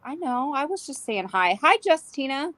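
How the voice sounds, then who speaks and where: A woman co-hosting a casual livestream with a fairly high voice. Her intonation swings lively as she greets viewers and teases her partner dryly. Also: normal speed, slight background noise. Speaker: livestream co-host.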